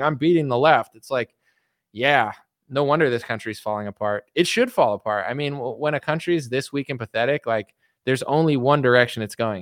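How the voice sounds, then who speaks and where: A man ranting on a livestream in a scornful, mocking tone, slipping into silly voices to ridicule his viewers. The sound is close and dry, with almost no room around it. His pitch sits at an ordinary middle level for a man. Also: a bit bright, no echo. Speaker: streamer.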